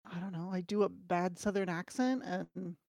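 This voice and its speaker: A woman's voice: lowish voice, moderate pace, vocal fry, darkish tone, no room sound, studio quality. A woman on a podcast panel, chatting casually and with enthusiasm. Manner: enthusiastic, chatty, restarts a lot. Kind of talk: casual chat.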